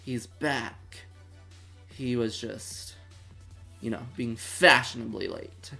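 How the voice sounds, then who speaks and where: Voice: medium pitch, slow pace, creaky, bright, forceful tone, faint music behind. A streamer in their twenties hosting a movie watch-along, chatting casually and dramatically with mock outrage. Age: 20s. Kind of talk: casual livestream chat.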